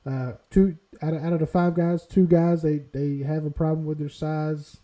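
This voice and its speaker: A man's voice: on the high side, flat delivery, moderate pace, warm tone, low-quality recording. A man hosting a casual sports podcast, upbeat and laughing often as he banters. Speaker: podcast host.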